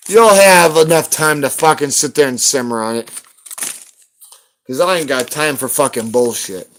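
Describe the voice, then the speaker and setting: Fired-up streamer guy going off on someone, cussing nonstop, sharp pushy tone. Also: on the high side. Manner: heated, profane, confrontational. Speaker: livestreamer hunting for rare banknotes. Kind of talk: live stream rant.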